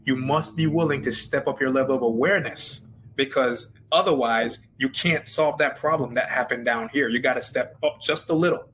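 A man's voice: medium pitch, moderate pace, a bit bright, a little hiss or hum. A man, a business coach, talks as a podcast guest with an ordinary mid-range voice. His delivery is earnest and emphatic, like a motivational speaker building a point. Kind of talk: interview conversation.

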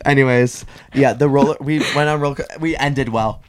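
A man hosting a casual podcast chat, telling stories with animated delivery and frequent laughter. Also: mid-range voice, a little fast, smooth, no room sound. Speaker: podcast host.

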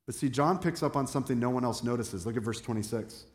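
A man's voice: mid-range voice, quick pace. Man preaching in an echoey hall. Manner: conversational preaching, asks the congregation questions. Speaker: pastor. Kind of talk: sermon. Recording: echoey hall with long reverb.

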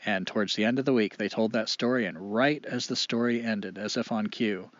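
Expressive male oral storyteller, dramatic pauses; dull, dry lo-fi recording. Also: lowish voice, no room sound.

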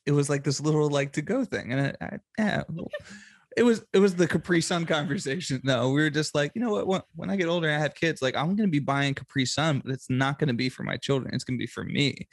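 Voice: mid-range voice, fast talker, no room sound, studio quality. A podcast host chatting casually and playfully with a guest. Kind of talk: casual chat.

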